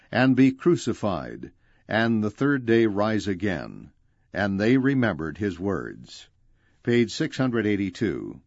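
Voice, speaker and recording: Male audiobook reader, formal and measured, expressive pitch, dry and slightly dull sound. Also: no room sound. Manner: measured, formal reading that announces page numbers. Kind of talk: scripted reading of a religious book.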